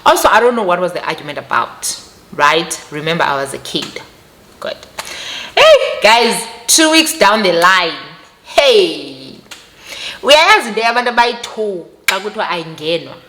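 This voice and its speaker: Animated South African woman vlogger. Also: lowish voice, unhurried. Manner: animated, emphatic, repeats phrases, addresses viewers directly. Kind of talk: personal storytelling to camera.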